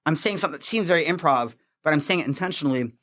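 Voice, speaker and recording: A man from Florida, a magician guest on a podcast, telling animated stories with frequent laughs. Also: on the high side, racing. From Florida, USA. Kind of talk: casual podcast chat.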